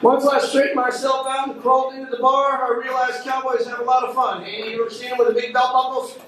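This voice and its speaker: A man's voice: very high-pitched, flat delivery, fast. A man doing a stand-up comedy set on a club stage, joking and chatting with audience members by name. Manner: crowd work, addressing audience members by name. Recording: echoey club recording from far off, loud noise.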